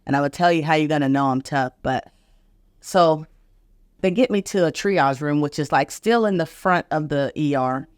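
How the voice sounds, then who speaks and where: A woman's voice: deep voice, moderate pace, no room sound, studio quality. Earnest middle-aged woman telling a vivid story. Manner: vivid, emphatic retelling, acting out each voice; earnest, openly emotional. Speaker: physician podcast host. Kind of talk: personal storytelling on a podcast.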